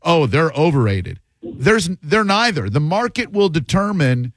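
Male radio host, slightly high voice, dry studio sound, wry and opinionated. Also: sing-song, measured pace, fairly bright tone, no echo. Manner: wry, opinionated, talks in long riffs. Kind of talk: casual radio call-in chat.

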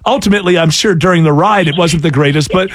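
A man's voice: on the high side, fast talker, no room sound. A man hosting a radio show, joking and bantering with guests. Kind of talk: casual radio talk.

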